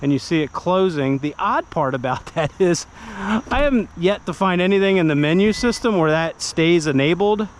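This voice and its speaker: A man's voice: sits high, moderate pace, slight background noise. Chatty man reviewing a car. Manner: conversational, animated, acts out buyer dialogue. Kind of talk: casual car review walkaround.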